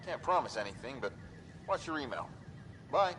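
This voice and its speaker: A man's voice: medium pitch, big pitch swings, normal speed, fairly bright tone. An actor playing an earnest, reassuring male hacker from an underground movement in a video game. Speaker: game character. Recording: audible background noise.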